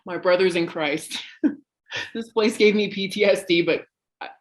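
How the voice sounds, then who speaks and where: A woman's voice: on the low side, unhurried, rough recording. Laughing young woman telling bar stories. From Colorado, USA. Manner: loud, laughing, swearing storyteller. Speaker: guest, bartender and comedian. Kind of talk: casual podcast chat.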